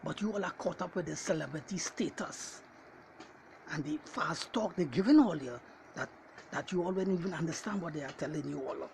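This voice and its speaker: A self-styled Bible teacher preaches in a fairly high, creaky voice at a brisk pace, addressing listeners directly and calling them ladies and gentlemen as he drives each point home. He hammers the same phrases again and again in repetitive refrains, with a faint hiss beneath the rough recording.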